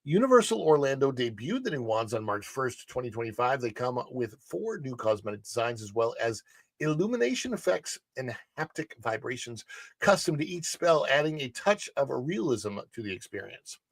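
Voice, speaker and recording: A man's voice: medium pitch, very animated, moderate pace, no echo. A middle-aged man hosting a livestream news show, reading articles aloud with chatty asides and fillers. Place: studio.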